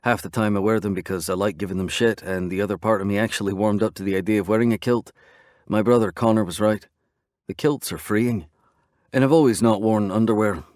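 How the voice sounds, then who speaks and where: A man narrating a romance audiobook in the first person, in a steady, conversational storytelling manner. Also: lowish voice, a little fast, no room sound, clean studio sound.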